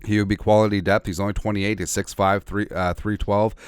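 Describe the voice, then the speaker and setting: A man's voice: lowish voice, little pitch movement, a little fast, clear, resonant tone, no echo. A man hosting a sports podcast, giving blunt, sarcastic, opinionated commentary in a ranting manner. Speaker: podcast host.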